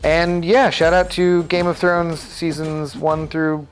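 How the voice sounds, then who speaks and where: A man's voice: on the high side, little pitch movement, slow pace, faint music behind. A man in his thirties, a live streamer chatting casually and rambling as he answers viewer messages.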